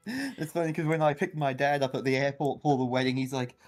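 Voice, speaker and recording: A man's voice: fairly high pitch, fairly quick, soft background music. A man with an Australian accent chatting casually as a guest on a stream call, laughing often. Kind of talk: casual chat.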